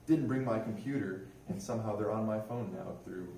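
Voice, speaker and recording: A man's voice: on the low side, brisk, gravelly. A man, a religious affairs airman, giving a chatty, informal history talk to a museum audience and often turning to them with questions. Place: museum room. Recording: roomy hall, distant mic, faint noise.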